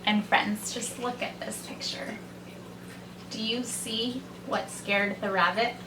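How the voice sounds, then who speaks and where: A woman who reads a children's story aloud slowly and gently, as a teacher. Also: mid-range voice, steady tone, background noise. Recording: echoey room, mic far off, faint ambience.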